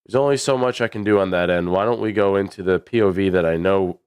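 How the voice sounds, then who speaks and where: A man with a baritone voice giving chatty, rambling livestream commentary on a match, with many fillers. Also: fast, darkish tone, clear, resonant tone, no room sound, studio quality. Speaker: esports commentator.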